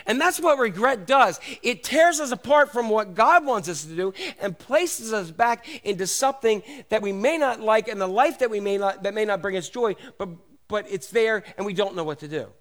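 A man preaching a sermon, retelling a story with lively acted voices and dropping soft and low for the tender parts. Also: normal speed. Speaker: pastor.

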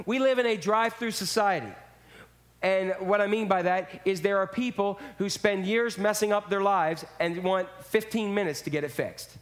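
A man's voice: high-pitched, normal speed. A man preaching a sermon in a church, speaking casually and acting out quotes in character voices. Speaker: pastor.

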